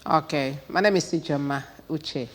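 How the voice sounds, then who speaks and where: A woman hosting a TV newspaper review, her voice rough from a cold, reading headlines aloud with short pointed asides. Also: low voice, moderate pace, big-room sound. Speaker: TV morning show host.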